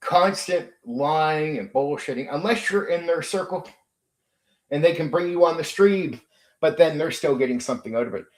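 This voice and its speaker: A man in an unscripted rant, speaking in a fairly high register. He sounds aggrieved and emphatic, hammers the same points again and again, and swears freely. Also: moderate pace. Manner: mimics rivals in sneering quoted voices. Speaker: channel host.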